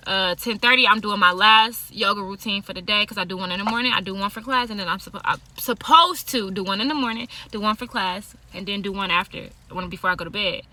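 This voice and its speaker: Woman vlogger, tarot and yoga type; blunt, profane, laughs a lot; bright, fairly high voice. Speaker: tarot card reader and yoga teacher. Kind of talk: casual monologue to camera.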